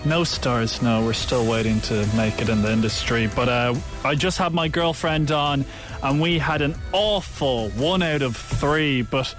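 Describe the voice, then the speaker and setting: A man co-hosting a podcast, running a playful couples quiz and cheering loudly when the answers go wrong. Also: medium pitch, measured pace, faint music behind. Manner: excitable, shouts with glee. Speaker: podcast co-host and quiz master. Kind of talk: playful quiz-show banter.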